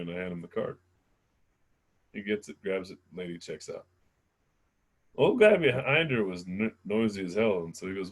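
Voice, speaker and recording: A man's voice: fairly low pitch, lively intonation, normal speed, long pauses. Brash, profane male stand-up comic. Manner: brash, profane, laughs at his own jokes. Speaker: stand-up comedian. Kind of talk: stand-up comedy set.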